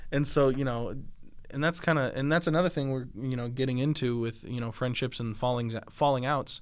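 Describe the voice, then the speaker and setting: A man's voice: mid-range voice, fairly even intonation, brisk, clear, resonant tone, dry recording, studio quality. Rambling, chatty young man. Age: 20s. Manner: rambling, laughs often. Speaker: podcast co-host. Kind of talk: casual chat.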